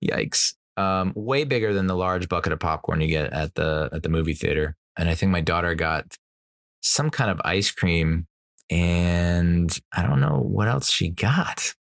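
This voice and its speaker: A man's voice: low voice, measured pace, gravelly, no room sound, clean studio sound. A man in his thirties hosting a podcast, telling stories in a rambling, profane way with frequent laughs. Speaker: podcast host. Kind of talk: casual storytelling chat.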